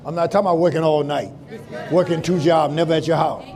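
A man as shouting preacher, high voice, live church crowd responding behind him. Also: fairly even intonation, fast talker. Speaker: pastor. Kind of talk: sermon. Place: church sanctuary.

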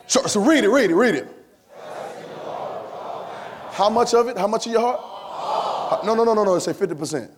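A man preaching a sermon in church, repeating phrases and building to shouts. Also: high voice, very animated, a little fast, long pauses. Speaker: pastor. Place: church sanctuary.

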